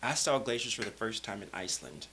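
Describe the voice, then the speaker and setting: A man in his thirties from Alabama, a guest telling stories in a casual interview, relaxed and rambling with plenty of fillers. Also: fairly low pitch, quick pace, gravelly, a little hiss or hum, rough recording.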